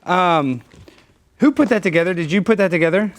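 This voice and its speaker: A male podcast host with an excitable, jokey manner who breaks into shouts and laughs, talking in a studio. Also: sits high, fairly quick. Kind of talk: loud comedic podcast banter.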